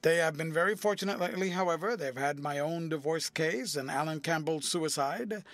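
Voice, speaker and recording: A man reading the part of a witty, cynical aristocratic gentleman with an amused, epigrammatic delivery. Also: a little high, brisk, dry recording.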